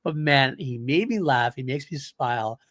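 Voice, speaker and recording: A man's voice: mid-range voice, expressive, moderate pace, fairly bright tone, no echo. A man hosting a podcast in casual chat, enthusiastic and rambling, laughing often. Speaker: podcast host.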